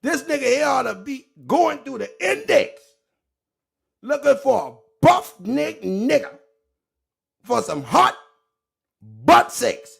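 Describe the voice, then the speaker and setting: A man giving a loud, profane, mocking commentary rant, swinging between shouts and low mutters. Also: very animated, slow pace, gravelly, pauses often. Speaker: online commentator. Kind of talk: ranting commentary.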